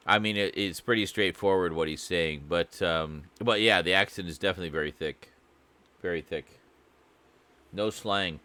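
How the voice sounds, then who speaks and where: Low-voiced joking Canadian man. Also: pushed and bright, clean tone. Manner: joking, rambling, quick to laugh. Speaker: reaction video host. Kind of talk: casual chat reacting to a clip.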